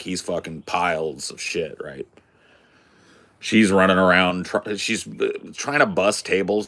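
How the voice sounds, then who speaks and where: A man telling a story in a casual, animated, profane way as a podcast host. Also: sits low. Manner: animated, profane, swears freely.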